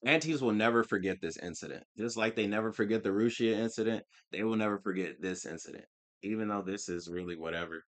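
A man's voice: lowish voice, fast talker. A man giving casual, slangy reaction commentary with lots of swearing. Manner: slangy, emphatic, swears a lot. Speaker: reaction streamer.

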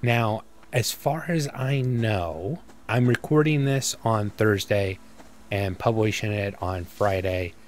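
A man's voice: fairly low pitch, slow. A man giving casual let's-play commentary as a gaming YouTuber, rambling and self-mocking as he thinks aloud.

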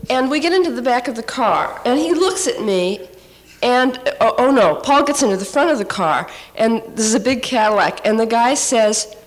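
A woman architect on a discussion panel, telling stories from her work in a lively, halting way with frequent laughs and restarts, recorded from some distance in an old panel recording. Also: a little high.

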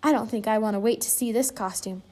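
A woman's voice: on the high side, fast talker, darkish tone, close to an everyday voice. A woman voicing a fussy, particular male rabbit in a read-aloud storybook. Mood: fretful. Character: fussy male rabbit, proud of his costume.

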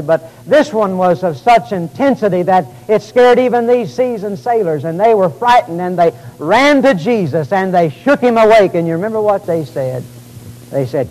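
A man preaching a sermon in a church, swinging from quiet storytelling to loud, drawn-out outbursts. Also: on the high side, poor audio. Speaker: pastor. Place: church sanctuary.

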